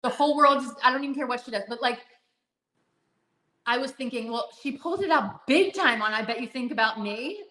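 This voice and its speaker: A woman's voice: sits high, fairly quick, bright, forceful tone, roomy sound, rough recording. A woman co-hosting a fan podcast, chatting casually and gushing with lots of fillers and restarts. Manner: gushing, rambling with many fillers. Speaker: podcast co-host.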